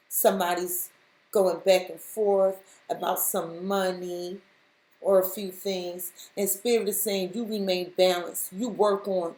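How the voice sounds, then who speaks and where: A woman's voice: on the low side, darkish tone. A woman giving a spiritual tarot reading, speaking straight to the listener and repeating her points with emphasis. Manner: repetitive, emphatic, addresses listener directly. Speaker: tarot reader. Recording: roomy echo.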